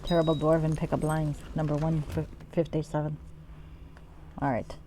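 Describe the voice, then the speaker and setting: A woman's voice: sits low, flat delivery, moderate pace, dark tone, a little hiss or hum. A woman streaming a video game, chatting casually in rambling, profane tangents as she plays. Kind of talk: casual let's-play commentary.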